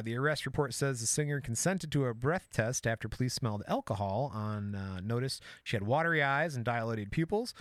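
A man co-hosting a podcast, trading jokes and then reading through case details in an easygoing way. His pitch is in the middle of the range. The sound is dry and close to the mic. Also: no echo. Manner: jokey, reads out facts in a relaxed way. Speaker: podcast co-host. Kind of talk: casual chat and reading case notes.

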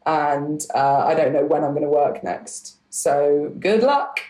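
A woman's voice: deep voice, a little slow. Chatty woman in an echoey room. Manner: animated, rambling, swears casually. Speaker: podcast guest. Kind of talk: casual comedic chat.

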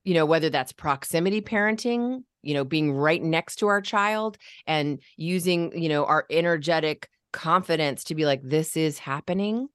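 A woman's voice: low voice, moderate pace, hardly any pauses, clear, resonant tone, dry recording, clean studio sound. A woman in casual conversation, coaching parents and demonstrating ways of speaking.

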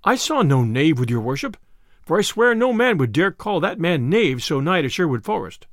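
A man's voice: on the high side, sing-song, normal speed, dry recording, studio quality. A man voicing a greedy, timid innkeeper who wheedles and then digs in his heels. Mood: soothing. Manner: wheedling then stubborn, archaic speech.

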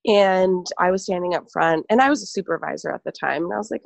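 A woman in casual conversation, telling an animated story full of fillers and laughs. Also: lowish voice, fast talker, vocal fry, no echo. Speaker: podcast co-host, former barista. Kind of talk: casual chat.

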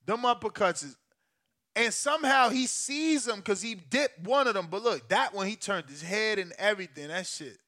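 A man hosting a live stream, reacting to a fight with loud, profane exclamations. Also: sits high, moderate pace. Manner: excitable, profane, shouts and exclaims.

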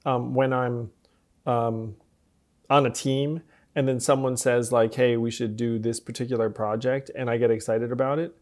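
A male podcast host interviews his guest in an even, medium-pitched voice. He asks measured, reflective questions, pausing now and then to find his words. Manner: measured, thoughtful questions with some hesitation.

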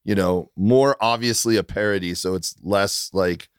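A man from Florida, a comedian guest in casual chat, making calm, reflective points. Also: low voice, moderate pace, clear, resonant tone, no echo, studio quality.

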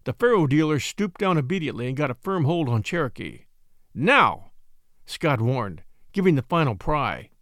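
A man narrating an adventure story aloud in an expressive, dramatic reading. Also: fairly high pitch, fairly quick, hardly any pauses, no room sound, clean studio sound. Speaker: audiobook narrator.

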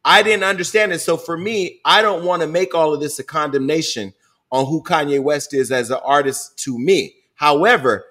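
A man's voice: a little high, normal speed, sharp tone. Blunt, profane male podcast host. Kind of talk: candid casual chat.

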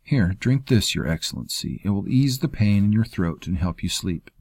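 A man voicing excited court physicians who talk in a rapid babble. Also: lowish voice, creaky, no echo, studio quality, heavily acted. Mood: fussing. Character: anxious male court physicians, fussing.

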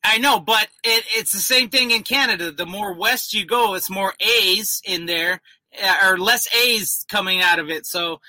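A man's voice: high-pitched, moderate pace, pushed and bright, no room sound, low-quality recording. A man co-hosting a podcast, chatting casually and rambling through jokes. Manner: joking, rambling. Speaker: podcast co-host.

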